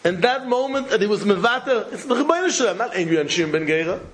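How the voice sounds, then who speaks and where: A rabbi speaks fast and animatedly in a high, somewhat bright voice, giving a Torah lecture centered on a parable. He repeats phrases for emphasis and uses Hebrew and Yiddish terms, and the recording is rough.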